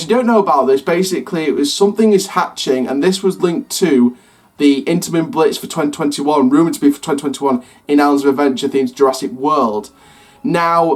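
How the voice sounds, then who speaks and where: A man hosting a theme park news channel, chatting excitedly to camera in a rambling way with plenty of fillers and restarts. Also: on the high side. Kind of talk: excited casual chat to camera.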